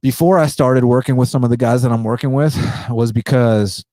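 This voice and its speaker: A podcast host, a man, talking in a subdued indoor voice, short of breath and pausing for deep breaths, blunt and profane. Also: steady tone, mellow, no room sound, studio quality. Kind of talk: casual podcast monologue.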